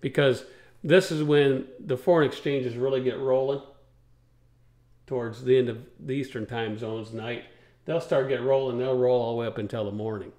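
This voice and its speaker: A man's voice: medium pitch, steady tone, normal speed, a little mellow, echoey room. A man hosting a trucking talk show, rambling in a folksy way and walking listeners through charts step by step. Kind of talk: casual radio talk show chat.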